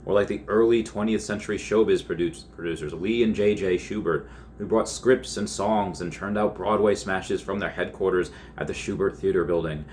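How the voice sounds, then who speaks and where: Low-voiced man reading a story aloud. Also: a little hiss or hum. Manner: breaks off the reading to laugh and comment. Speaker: YouTuber reading an article. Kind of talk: reading a magazine story aloud with casual asides.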